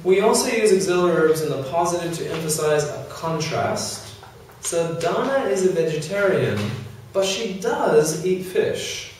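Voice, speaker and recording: A man's voice: on the high side, very animated, measured pace, darkish tone, slight background noise. A man teaching an English grammar lesson to a class, explaining with many examples and fillers. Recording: echoey classroom from far off.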